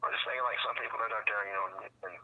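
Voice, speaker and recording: A man's voice: fairly low pitch, steady tone, racing. A man calling into a chat show, talking about prayer in a devout, hesitant way with many fillers and repeated words. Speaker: caller. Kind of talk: casual chat. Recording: dull phone line.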